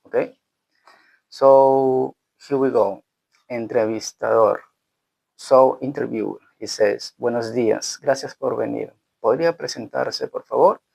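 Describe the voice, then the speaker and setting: A man with a gravelly, creaky voice at a middle pitch teaches Spanish greetings in English. His first language is Spanish, and he talks loosely and conversationally, restarting phrases and checking in with "right?" as he goes. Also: steady tone, unhurried, a little mellow, poor audio. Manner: loose and conversational, full of restarts and tag questions. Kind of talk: casual language lesson.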